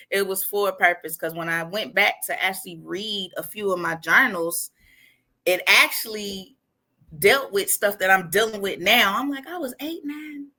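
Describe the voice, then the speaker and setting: Woman, from Ohio, author guest, casual interview, hard-to-place accent, animated storyteller, bright voice. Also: medium pitch. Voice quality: distinctive accent that others cannot place. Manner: animated, laughing storyteller who acts out quotes.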